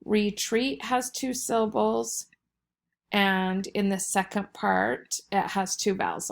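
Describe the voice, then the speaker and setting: Woman, teacher, recorded lesson for kids, patient slow explaining, mid pitch, slight vocal fry. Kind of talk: recorded vocabulary lesson for children.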